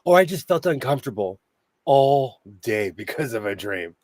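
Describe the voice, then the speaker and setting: A man's voice: medium pitch, sing-song, moderate pace, a little mellow, dry recording. A man with a Minnesotan-sounding accent hosting a sewing channel livestream from his home sewing room, a chatty storyteller who laughs often. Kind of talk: casual livestream chat.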